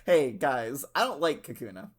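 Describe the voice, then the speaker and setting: A man's voice: medium pitch, big pitch swings, moderate pace, slightly rough. A man hosting a casual comedic podcast chat, laid-back and chuckling, swearing casually as he talks. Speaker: podcast host.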